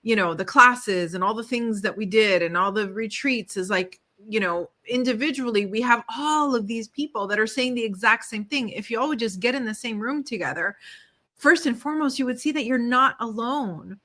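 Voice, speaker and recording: Woman, middle-aged, talk show co-host, casual, frank, lively, bright tone. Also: on the high side, moderate pace. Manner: candid, animated, swears freely, laughs often. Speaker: podcast co-host, studio owner. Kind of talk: casual conversation.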